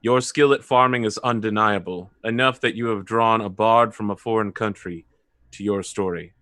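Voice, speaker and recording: A man voicing a stately noble ruler who speaks in formal, measured, courtly sentences. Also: fairly low pitch, sharp tone, no room sound. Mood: persuasive.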